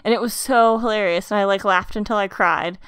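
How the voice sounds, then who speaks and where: Podcast regular: a woman with a smooth, resonant voice, rambling and giggly in casual chat. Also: mid-range voice, fairly even intonation, fairly quick, a bit bright, no echo, clean studio sound. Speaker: podcast player introducing herself.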